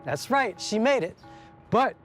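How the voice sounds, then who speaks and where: A man's voice: high-pitched, big pitch swings, a little slow, soft background music. A man narrating in a rhythmic, lyrical spoken-word style.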